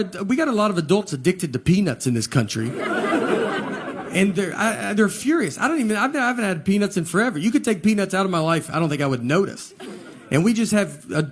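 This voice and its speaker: A man in his forties with a Southern American accent, doing a rambling, deadpan stand-up routine on a comedy stage. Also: high-pitched, slight background noise. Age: 40s. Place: comedy stage before a laughing audience. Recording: stage mic with audience laughter.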